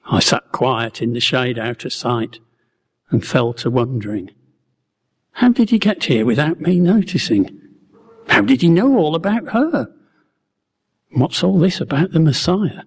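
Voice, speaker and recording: A man's voice: medium pitch, very animated, unhurried, long pauses, husky. A man, a preacher telling a Bible story as a wry, musing first-person bystander. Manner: wry, musing storyteller who acts out his own wondering. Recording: long hall reverb.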